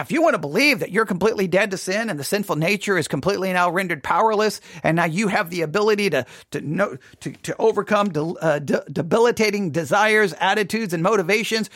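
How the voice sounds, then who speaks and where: A man's voice: high-pitched, a bit bright, dry recording, studio quality. A man leading a Bible study, talking in a provocative, sarcastic, challenging way. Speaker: Bible teacher. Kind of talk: animated Bible study teaching.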